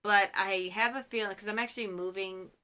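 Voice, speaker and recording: A woman's voice: medium pitch, steady tone, a little fast, bright, forceful tone, clean tone. A young woman from Michigan, recapping a TV episode in a gushing, chatty way as host of her fan channel. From Michigan, US Midwest.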